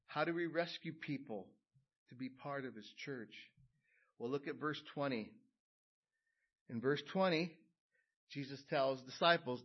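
A man's voice: unhurried, pauses often, breathy edge. Emphatic preacher, man, lo-fi sound. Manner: builds to loud emphatic peaks, then drops low and quiet. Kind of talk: sermon. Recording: dull lo-fi sound.

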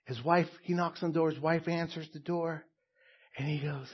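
A middle-aged man preaching a sermon as a pastor, slow and emphatic, dropping to hushed tones at times. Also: on the high side, fairly even intonation, breathy edge, highs cut off.

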